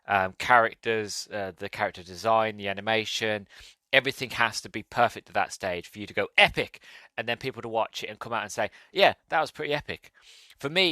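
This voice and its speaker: A man's voice: fairly low pitch, pushed and bright, no room sound. A man hosting a podcast, rambling through a casual solo movie review with frequent self-corrections. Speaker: podcast host.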